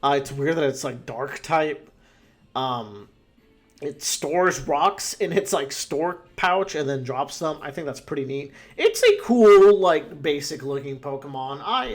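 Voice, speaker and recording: A man in casual, rambling commentary, ranking a full list of creatures with frequent swearing and fillers. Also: a little high. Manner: laid-back, profane, rambling with fillers. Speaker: podcast host ranking game creatures.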